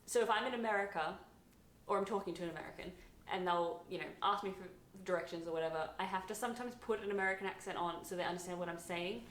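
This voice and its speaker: A woman's voice: lowish voice, quick pace, fairly bright tone, slight background noise. A woman with an Australian accent chatting casually to camera, laughing often as she talks. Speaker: office worker sharing opinions. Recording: roomy echo.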